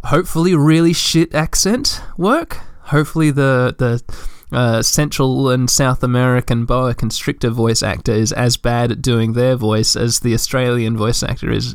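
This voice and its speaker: A man's voice: mid-range voice, smooth, no room sound, clean studio sound. A tired man hosting a casual let's play of a children's game. He rambles and jokes about himself, with lots of fillers and restarts. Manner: rambling, self-deprecating, full of fillers and restarts.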